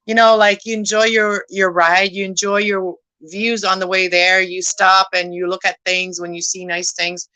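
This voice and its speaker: A woman's voice: on the low side, bright, forceful tone, no echo, poor audio. A young woman casually chatting with her viewers while she cleans at home, rambling and laughing as she goes. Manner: rambling, talks to viewers by name, laughs often. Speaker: vlogger chatting with live viewers. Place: home room at night.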